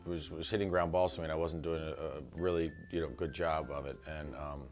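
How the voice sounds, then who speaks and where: Man, deep low voice, middle-aged, casual storytelling, lively quoted bits, faint music underneath. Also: a little fast. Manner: animated storyteller who acts out quotes and laughs. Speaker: son telling a family story. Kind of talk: casual anecdote.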